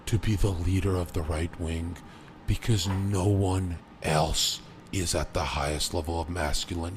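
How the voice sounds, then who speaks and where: A young man streaming live, boastful and profane, jumping between loud bursts and low mutters. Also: animated, moderate pace, a little hiss or hum. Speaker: livestreamer.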